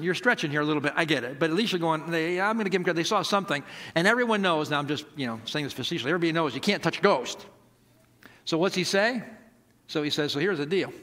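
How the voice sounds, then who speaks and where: Bright, high-voiced man preaching. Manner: animated storytelling, acting out the characters' lines. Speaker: pastor. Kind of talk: sermon.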